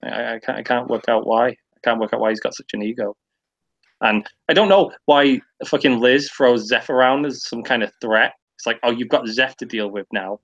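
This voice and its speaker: A man's voice: mid-range voice, moderate pace, a bit bright, lo-fi sound. A man on a casual online stream, ranting at length with lots of swearing and filler words. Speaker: guest on a stream. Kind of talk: casual chat.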